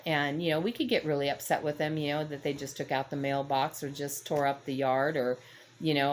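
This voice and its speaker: A woman's voice: sits low, slight background noise. A middle-aged woman talking earnestly in a casual devotional chat, rambling a little and leaning on frequent "you know" fillers. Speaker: Christian encouragement vlogger.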